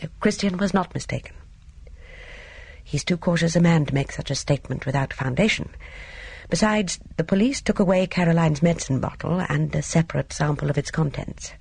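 A woman voicing a grave, cautious middle-aged man in an audiobook, speaking in a measured, grim way. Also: low-pitched, vocal fry, darkish tone, husky, dry recording, exaggerated voice. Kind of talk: audiobook character voice.

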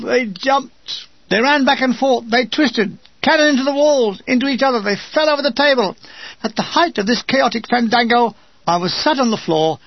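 A man reading a wartime memoir aloud with dry comic timing, lively voices for the quoted soldiers. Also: very high voice, no room sound, muffled recording. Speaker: narrator.

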